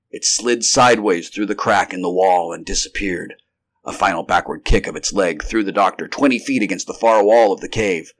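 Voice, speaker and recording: Low-voiced man reading a story aloud. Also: moderate pace, fairly bright tone. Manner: occasional restarts mid-sentence. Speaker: amateur audiobook narrator. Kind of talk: unrehearsed live story reading.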